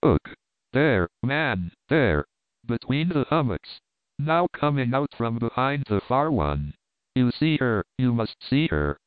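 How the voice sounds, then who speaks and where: A man voicing a haunted, agitated middle-aged sea captain who speaks in a hushed, urgent way. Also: mid-range voice, very animated, slow, no echo. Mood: agonized. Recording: narrow phone-like band.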